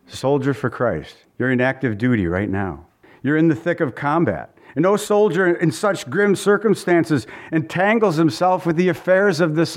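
A man preaching a sermon as pastor, earnest and conversational, repeating phrases for emphasis and adding casual asides. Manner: reads scripture in a slower, lower voice.

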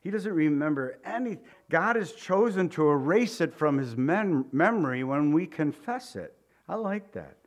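A man's voice: on the high side, animated, moderate pace. Folksy man preaching an informal sermon. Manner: folksy, conversational, tells anecdotes. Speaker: pastor.

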